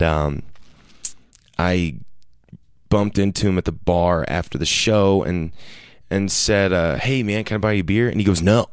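A man's voice: deep voice, dry recording, studio quality. A man telling a long casual story, rambling with many fillers and restarts and quoting people in raised voices.

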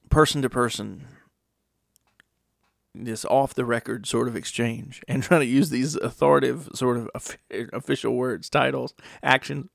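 A middle-aged man talks through a rambling, wry podcast monologue and slips into mock voices. His voice is gravelly at a middle pitch. The recording is dry and close. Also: no room sound. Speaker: podcast host. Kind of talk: casual monologue.

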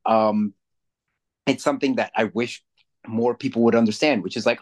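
A man's voice: mid-range voice, steady tone, moderate pace. A man co-hosting a podcast in casual chat, blunt and profane, who teaches a kids' jujitsu class. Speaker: podcast co-host.

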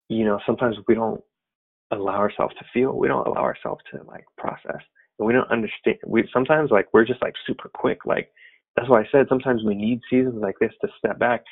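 A fairly low, husky man with a gravelly edge speaks in an earnest, reflective way. He shares a personal faith story loosely, with plenty of fillers. The sound is thin and tinny, as if over a phone line.

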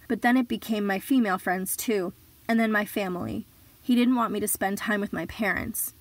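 Woman telling her own story, earnest, steady, mid voice, dry sound. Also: mid-range voice, no echo. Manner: earnest, measured storytelling with sudden shouted quotes. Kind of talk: personal story told live.

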